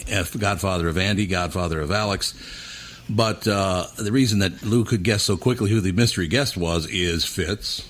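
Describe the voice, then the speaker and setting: A man's voice: low-pitched, normal speed, a bit bright. A middle-aged man hosting a podcast, chatting casually with rambling asides and friendly teasing. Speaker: podcast host. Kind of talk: casual interview chat.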